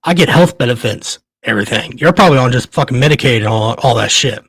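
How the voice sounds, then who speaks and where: A man's voice: mid-range voice, expressive, quick pace, fairly bright tone, breathy edge, no echo. Angry swearing man ranting. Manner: profane, heated, stammering. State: shaking with anger. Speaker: podcast host.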